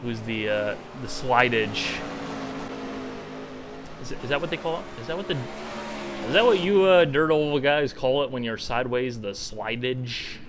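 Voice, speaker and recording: A man's voice: mid-range voice, expressive, normal speed, pauses often, noisy background. Rambling self-mocking Midwestern streamer guy. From American Midwest. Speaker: streamer playing a racing sim. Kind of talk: casual live-stream chat.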